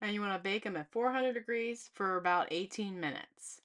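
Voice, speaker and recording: A middle-aged woman hosting a home cooking video, calmly walking through each step in a friendly, instructional way. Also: medium pitch, normal speed. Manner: friendly instructional, talks with mouth full. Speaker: cooking channel host.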